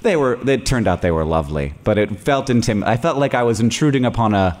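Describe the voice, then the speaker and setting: A man's voice: on the low side, animated, fast, in a large hall. A man in his forties hosting a live podcast on stage, telling rambling jokey stories and laughing often. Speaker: podcast host. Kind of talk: casual live podcast chat.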